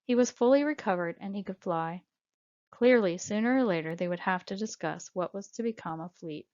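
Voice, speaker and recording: A woman narrating a storybook in a measured, expressive way, her voice sitting at a middling pitch. The recording has a dull, lo-fi sound. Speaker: audiobook narrator.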